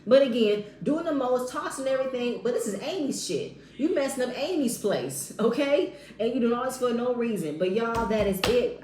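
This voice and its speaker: A woman's voice: fairly high pitch, lively intonation, moderate pace, few pauses, a little mellow, reverberant, poor audio. A woman giving a blunt, exasperated casual recap of a reality show, mocking the people in it. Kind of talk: animated casual recap commentary.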